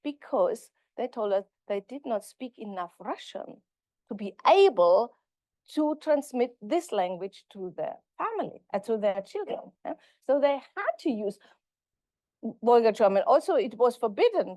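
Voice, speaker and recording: Female linguistics professor, higher-pitched, giving a conference lecture, halting and self-correcting, close dry sound. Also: sing-song, mellow, dry recording.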